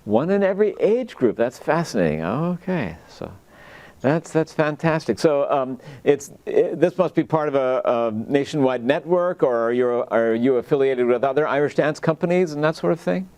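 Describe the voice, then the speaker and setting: A man hosting a local TV interview, polite and a little hesitant, often pausing with "uh". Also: on the high side, lively intonation, a little mellow. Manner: hesitant, polite, fills gaps with uh. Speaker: host.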